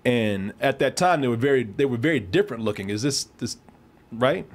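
A man hosting an interview, chatty and quick to laugh. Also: mid-range voice, lively intonation. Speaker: interview host. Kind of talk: casual interview chat.

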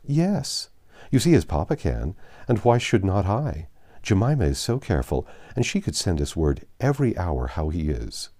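A man's voice: low-pitched, very animated, warm tone, exaggerated voice. A man reading a classic novel aloud, voicing a fretful, self-pitying young mother who complains easily. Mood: complaining. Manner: complaining, quick to whine.

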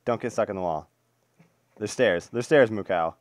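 A young man casually commentating his own game play, excitable and swearing, cooing baby talk at the animals. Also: fairly low pitch, moderate pace, no echo. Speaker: gaming video host.

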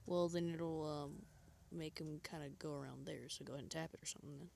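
A woman's voice: low-pitched, fairly even intonation, brisk, gravelly, noisy background. A woman coaching a friend through a horror game in casual chat, reassuring and guiding. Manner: reassuring, guiding, loose and chatty.

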